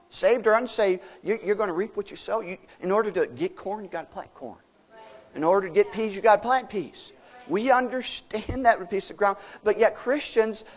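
Emphatic folksy male preacher, higher voice. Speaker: pastor. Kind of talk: sermon.

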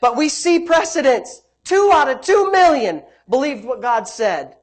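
Preacher with dynamic, emphatic delivery. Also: very animated. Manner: swings between loud emphatic bursts and soft low asides; drawn-out emphasis on key phrases. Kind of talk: sermon.

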